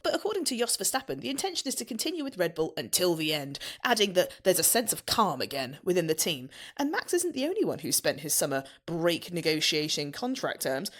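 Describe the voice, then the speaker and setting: A woman's voice: on the low side, sing-song, brisk, hardly any pauses. Giggly woman reading a recap. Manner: giggly, sarcastic asides while reading. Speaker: podcast host reading the news. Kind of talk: scripted news recap with banter.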